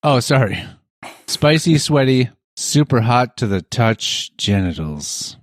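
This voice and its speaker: A man's voice: mid-range voice, very animated, slow, no echo. A man co-hosting a casual podcast, agreeing along and adding wry jokes. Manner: wry, agreeable, joking asides. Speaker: podcast co-host. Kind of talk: casual chat.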